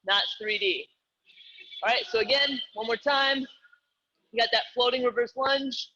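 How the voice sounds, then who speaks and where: A man's voice: very high-pitched, measured pace, bright, forceful tone, muffled recording. A man coaching a live online workout, calling out exercises and reps in an upbeat, joking way. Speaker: fitness coach.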